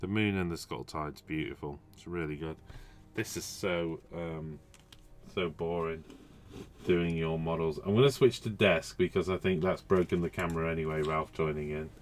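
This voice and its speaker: A man hosts a relaxed hobby chat stream. His voice is very low, and he rambles through his points with plenty of restarts and asides. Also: moderate pace. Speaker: host. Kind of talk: casual hobby livestream chat.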